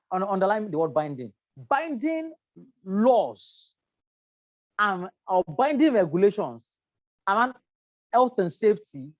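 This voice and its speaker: A woman's voice: medium pitch, a little mellow, no echo, dull audio. A woman teaching a health and safety class, stressing key words, repeating herself and checking in with "right?". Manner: emphatic, repeats words, asks "right?" often. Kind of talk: lecture to a class.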